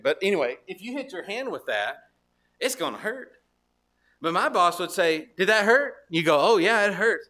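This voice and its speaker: Bright-voiced high-pitched male preacher. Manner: conversational storytelling preacher, frequent restarts and asides. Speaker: pastor. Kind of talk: sermon.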